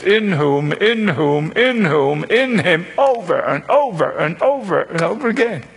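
A man preaching a sermon, teaching slowly and deliberately, repeating key phrases for emphasis and slipping in dry humor. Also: a little high, gravelly, a bit bright, husky.

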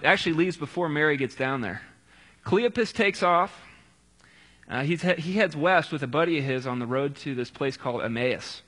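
Male preacher, conversational sermon delivery, bright edge, slightly high voice. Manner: casual and conversational, adds quips and asides. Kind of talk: sermon, retelling scripture.

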